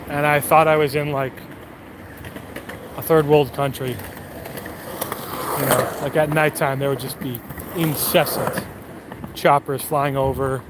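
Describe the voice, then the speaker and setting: A man streaming from his phone while out walking, telling a rambling, profane story with animated quoted voices. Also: on the high side, a little hiss or hum.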